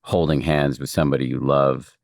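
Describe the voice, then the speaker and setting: A man hosting a podcast conversation, asking thoughtful, measured questions. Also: a bass voice, level tone, creaky, a little mellow, no room sound, clean studio sound. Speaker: podcast host.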